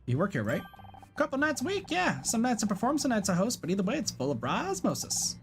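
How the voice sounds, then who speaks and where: A man's voice: high voice, wildly swooping pitch, a little fast, soft background music, pitched above the performer's own voice, full character voice. A man voicing a brash, flamboyant woman who performs at a drag bar in a video game. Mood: sassy. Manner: flamboyant, sassy.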